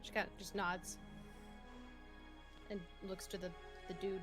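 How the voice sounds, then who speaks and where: A woman playing in a casual tabletop role-play, joking and asking quick questions. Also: medium pitch, level tone, music in the background. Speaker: player.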